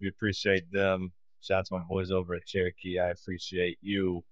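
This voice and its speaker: A man's voice: low-pitched, completely flat delivery, a little fast, no room sound, dull audio. A man hosting a sports radio talk show, jokey and bantering with his co-hosts.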